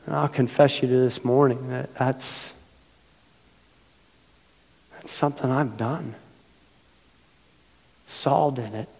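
A middle-aged man preaching a sermon as pastor, his voice hoarse from losing it, earnest and building to emphatic passages. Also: medium pitch, steady tone, takes it slowly, pauses often, darkish tone, in a large hall. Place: church sanctuary.

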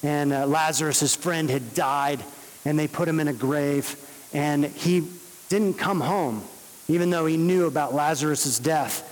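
A man preaching a sermon, earnest and steady, rising to emphatic peaks. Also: a little high, measured pace, big-room sound, rough recording. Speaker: pastor.

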